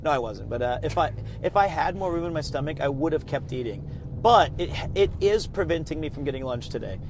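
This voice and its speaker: A man's voice: a little high, lively intonation, a little fast, noisy background. Upbeat man chatting in a car. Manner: upbeat and enthusiastic, laughs often. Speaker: vlogger traveling with a friend. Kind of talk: casual chat. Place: inside a car.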